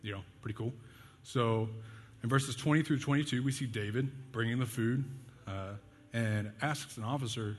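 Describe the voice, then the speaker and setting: A man's voice: medium pitch, normal speed. A young man preaching a casual sermon, conversational and jokey, telling stories and leaning on fillers. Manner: conversational, jokey, self-deprecating, with fillers and laughs. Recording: long hall reverb, faint music behind.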